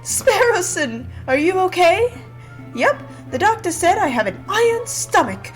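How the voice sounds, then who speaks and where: Cheerful young male bird sidekick for a game, read by a woman; chirpy, lively, eager. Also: very high-pitched, unhurried, soft background music, full character voice, low-quality recording. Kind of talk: reading game dialogue aloud.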